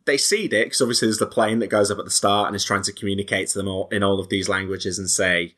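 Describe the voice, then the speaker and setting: A man chatting casually about a movie, animated and stumbling over restarts as he acts out lines. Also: lowish voice, fairly quick. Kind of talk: casual podcast film discussion.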